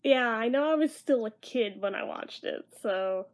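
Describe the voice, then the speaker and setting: A woman in her thirties, tired and half awake, rambling quietly through a casual late-night movie review. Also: a little high, lively intonation, moderate pace. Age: 30s. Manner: rambling, talking quieter than normal.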